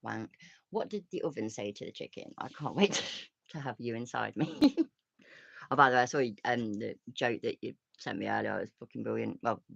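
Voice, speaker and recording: Gravelly, sweary woman chatting. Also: rumbling low, brisk, dry recording, dull audio. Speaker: host. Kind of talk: casual livestream chat.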